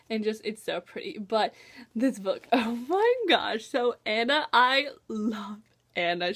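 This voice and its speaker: A bubbly woman with a fairly high voice gushes about a book she loved in a casual vlog. She talks in an animated, chatty way, peppered with "like" and "oh my gosh", and her voice jumps up and down as she gets excited. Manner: gushing, bubbly, full of "like" and "oh my gosh"; animated swings in pitch and loudness. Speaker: book reviewer.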